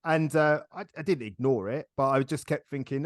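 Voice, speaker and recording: A middle-aged man hosting a casual interview podcast, chatty and quick to laugh as he tells stories. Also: on the high side, no echo, studio quality. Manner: chatty, laughs often, storytelling. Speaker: podcast host.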